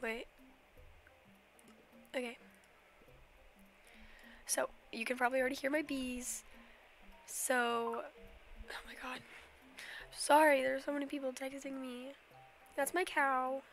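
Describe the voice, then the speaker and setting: A woman's voice: sits high, flat delivery, slow pace, long pauses, fairly bright tone, soft background music. A young woman, a bit sick, chatting through a casual game stream, rambling and giggly with lots of fillers and apologies. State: slightly sick. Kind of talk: casual Minecraft stream tour.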